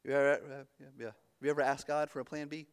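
A pastor preaching a conversational sermon, often restarting his words and dropping suddenly to a hush. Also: mid-range voice, little pitch movement, fast, creaky, clear, resonant tone.

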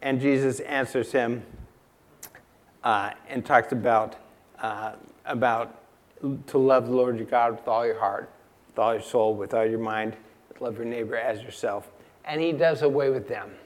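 A man preaching a sermon in a church, emphatic and unhurried, asking the congregation rhetorical questions and repeating key lines. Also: mid-range voice, fairly even intonation. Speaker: pastor.

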